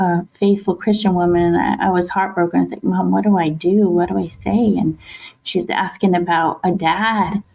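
A woman telling a personal family story on a podcast in a heartfelt, halting way, with soft laughs. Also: on the low side, gravelly, lo-fi sound. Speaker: guest, author and wife of host.

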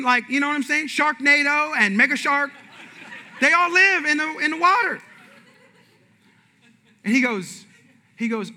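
A man preaching a sermon as pastor, telling animated stories and calling on the congregation to shout out. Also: extremely high pitch. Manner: animated storytelling, asks audience to shout out; shifts from loud excited to quiet slow and intimate.

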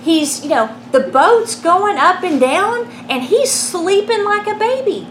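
A woman giving a lively, conversational Bible lesson, telling stories and asking rhetorical questions. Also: very high-pitched, unhurried, a little hiss or hum. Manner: animated, storytelling, asks rhetorical questions. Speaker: Bible teacher.

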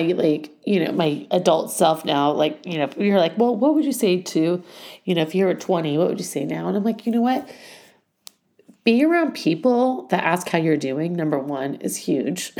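A woman's voice: lowish voice, mellow. A middle-aged woman who founded a school, talking in a rambling, heartfelt podcast monologue and getting emotional. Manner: rambling, heartfelt, many fillers.

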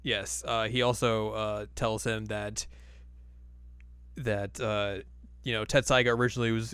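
A man's voice: on the low side, level tone, unhurried, long pauses, fairly bright tone, smooth, no room sound, studio quality. A man co-hosting a podcast, casually recapping an anime episode with lots of laughing and acted-out quotes. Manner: laughing, rambling, acts out quotes. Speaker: podcast co-host.

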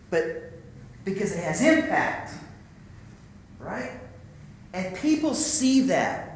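A man's voice: high voice, big pitch swings, slow, long pauses, echoey room, slight background noise, poor audio. A man telling a personal story in a sermon-like talk, speaking straight to the men as "guys" in a casual, conversational way. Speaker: speaker at a men's ministry.

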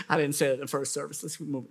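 A man's voice: on the high side, gravelly, fairly bright tone. A man pastor preaching a sermon at a church service, with rising bursts of emphasis and playful asides.

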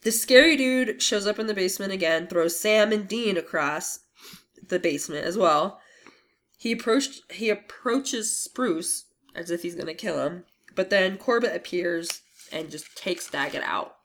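A woman's voice: mid-range voice, measured pace, fairly bright tone. A woman co-hosting a podcast, casually recapping a TV episode with rambling asides and laughs. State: coughing. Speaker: podcast co-host.

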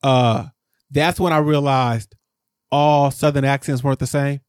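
A man co-hosting a podcast, rambling through a casual recap and jumping up in pitch when he gets exasperated. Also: fairly even intonation, measured pace, smooth, no room sound, clean studio sound. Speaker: podcast co-host.

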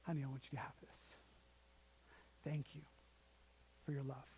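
Preacher doing a gentle dad voice, quiet and pleading, sermon story. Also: male voice, high-pitched, unhurried, slight background noise, low-quality recording. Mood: tender. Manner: soft, pleading, tender. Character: gentle loving father asking his daughter.

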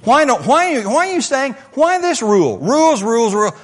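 A man's voice: extremely high pitch, sing-song, normal speed, voice pushed up, exaggerated voice. A man voicing a rebellious teenage boy who whines and protests a parent's rules, with repeated complaints, heard in an echoey hall. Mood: whining. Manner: whining, repetitive protest.

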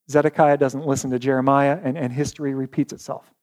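A man preaching a sermon in an animated, conversational storytelling manner, often restarting his words. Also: mid-range voice, quick pace. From West Virginia. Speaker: pastor.

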